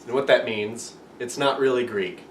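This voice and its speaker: A man gives a loose, playful lesson, wandering off track and making fun of himself. He is recorded from well back in an echoing room with a faint hiss behind him. His voice sits at an ordinary pitch. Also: normal speed. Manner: rambling, self-mocking, playful. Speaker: amateur video teacher. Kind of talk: casual joking lesson. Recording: roomy echo, far from the mic, faint room noise.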